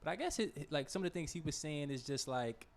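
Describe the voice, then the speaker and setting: A man's voice: fairly high pitch, expressive, fast, gravelly. A young man in his twenties, a podcast co-host, speaking thoughtfully with many fillers in a casual discussion. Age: 20s.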